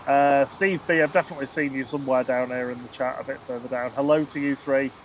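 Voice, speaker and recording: A man's voice: mid-range voice, steady tone, fast talker, a little hiss or hum. A man hosting a live plane spotting stream outdoors at an airport, cheerfully greeting chat viewers by name. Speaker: livestream host.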